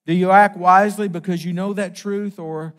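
A middle-aged man preaching a sermon, emphatic and slowing down on key phrases. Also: high voice, fairly even intonation.

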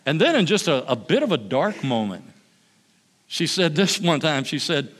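A male pastor giving a sermon, lively when he tells stories and hushed and slow when he prays. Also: a little high.

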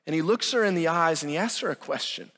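A man with a high voice preaches a sermon with emphatic delivery, acting out the lines of the people he quotes. His voice carries a long reverb, as if he is speaking in a large hall. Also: lively intonation, quick pace, fairly bright tone. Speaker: pastor.

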